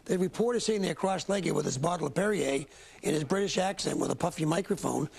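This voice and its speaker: Man, military analyst, live TV commentary, raised pitch, emphatic, restarts. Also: fast talker, gravelly, a little mellow, husky. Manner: emphatic, admiring, with many restarts.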